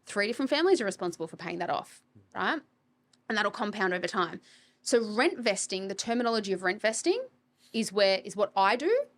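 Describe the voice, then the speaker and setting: A woman's voice: mid-range voice, big pitch swings, brisk, a bit bright. A woman, a property coach, talking bluntly and with energy in a podcast interview, swearing casually. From Australia.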